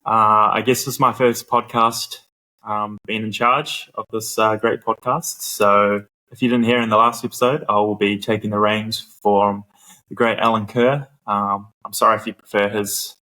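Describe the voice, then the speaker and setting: A man with a New Zealand accent hosting a casual podcast from a classroom, chatty and self-deprecating, on a low-quality mic. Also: flat delivery, moderate pace, sharp tone. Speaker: podcast host. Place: classroom at a cricket ground.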